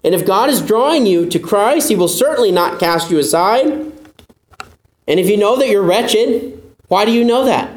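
A man preaching a sermon as pastor, earnest and emphatic, sometimes acting out doubting listeners in a higher voice. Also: expressive, normal speed, roomy sound.

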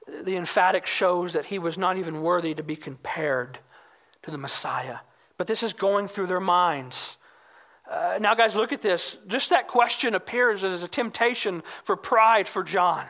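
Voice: medium pitch, normal speed, a bit bright. A pastor preaching a sermon, explaining scripture with emphasis and reading verses aloud.

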